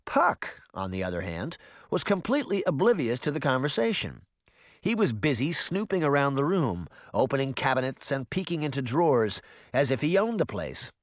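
A male narrator reads a storybook with dramatic, expressive delivery. His pitch moves a lot, and the recording is dry and close. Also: normal speed, dry recording. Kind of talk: audiobook narration.

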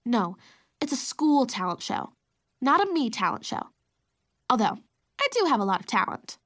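Woman voicing a loud, showy little girl. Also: on the high side, big pitch swings, moderate pace. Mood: playful. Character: excitable attention-loving young girl.

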